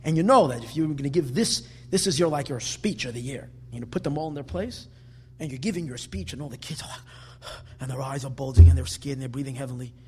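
A man giving a religious lecture, telling stories with animated, emphatic delivery that builds to forceful peaks. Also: medium pitch, quick pace, slight background noise. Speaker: Torah teacher.

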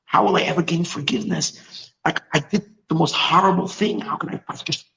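A man's voice: fairly high pitch, brisk, creaky, pushed and bright, recorded from a distance, lo-fi sound, slight background noise. A man voicing an arrogant wealthy man in a told story, sneering at a beggar. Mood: distraught. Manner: sneering then pleading.

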